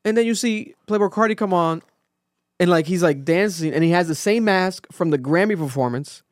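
A male podcast host in casual chat, telling a story with lively acted-out quotes and plenty of swearing. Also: high voice, moderate pace, dry recording, studio quality. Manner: animated storytelling, acts out quotes, swears freely.

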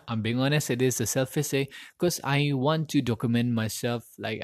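Here a man hosts his own podcast through a USB mic connected to his phone, the dry recording sounding studio quality. His mid-range voice moves at normal speed with few pauses, though he rambles and repeats words while searching for them.

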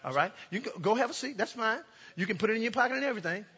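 A male pastor preaching to his congregation, calling for responses and climbing into shouts. His voice sits very high and lively, with a bright, sharp edge. The recording is muffled and lo-fi, with a husky grain in his tone. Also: racing, big-room sound. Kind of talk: sermon. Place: church sanctuary.

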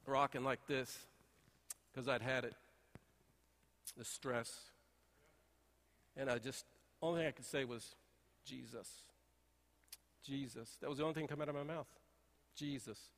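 Pastor preaching in a reverberant hall. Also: male voice, a little high. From Texas. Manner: folksy storytelling, swings between hushed and emphatic. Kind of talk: sermon. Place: church sanctuary.

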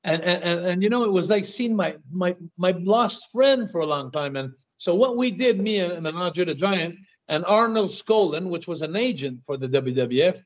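An older man, a guest in an interview, telling animated anecdotes in casual talk, often stammering and repeating his words. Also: sits high, moderate pace, few pauses. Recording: dull lo-fi sound.

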